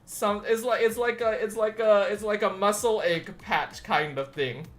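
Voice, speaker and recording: A man's voice: high-pitched, normal speed. A young man chatting casually on his livestream, tired and rambling with lots of fillers and restarts. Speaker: streamer.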